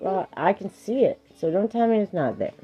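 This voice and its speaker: A woman's voice: medium pitch, animated, normal speed, mellow, dull audio. A woman streaming live, reading affirmations and firmly but patiently parenting her child in between, laughing often.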